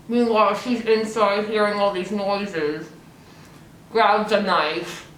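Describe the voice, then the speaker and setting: A young woman talks through a mouthful of marshmallows as she recaps an episode. She rambles bluntly and swears freely at a slow, drawn-out pace. Her voice is picked up from a distance in an echoey room. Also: medium pitch, slight background noise. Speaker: host.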